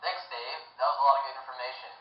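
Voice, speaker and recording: A man's voice: medium pitch, fairly even intonation, rapid-fire, lightly acted. A young man playing a formal news anchor on a mock broadcast, reading with small stumbles. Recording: roomy echo, distant, dull, faint hiss.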